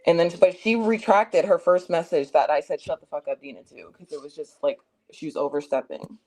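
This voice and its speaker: A woman's voice: on the low side, animated, fast, few pauses, a little mellow. A young adult woman hosting a stream, retelling a chat argument in a casual, heated way with lots of swearing and emphasis. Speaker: streamer host.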